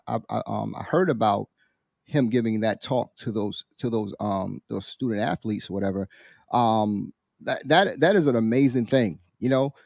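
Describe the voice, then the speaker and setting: A man's voice: medium pitch, vocal fry, a little mellow. A man co-hosts a podcast in a mid-range voice. He talks enthusiastically and rambles, full of fillers and restarts. The sound is dry, with no room echo. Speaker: podcast co-host. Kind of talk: casual podcast talk.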